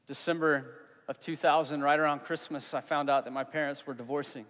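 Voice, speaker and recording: A young man preaching a sermon as pastor, earnest and conversational, pausing for emphasis on key words. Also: on the high side, fairly even intonation, fairly bright tone. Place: church hall. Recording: long reverb of a hall.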